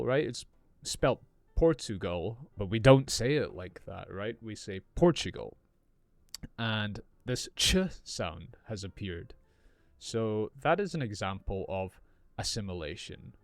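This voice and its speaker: A man teaching English in an unscripted podcast, explaining slowly and clearly as he improvises. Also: fairly low pitch, dry recording.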